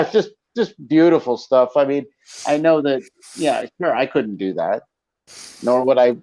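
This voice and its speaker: A man's voice: mid-range voice, warm tone. A man hosting a podcast, chatting casually and joking, laughing often. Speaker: podcast host. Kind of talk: casual chat. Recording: dull lo-fi sound.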